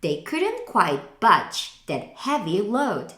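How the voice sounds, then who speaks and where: A woman teacher reading a picture book aloud slowly, in an expressive sing-song way. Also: medium pitch, roomy sound. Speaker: English teacher.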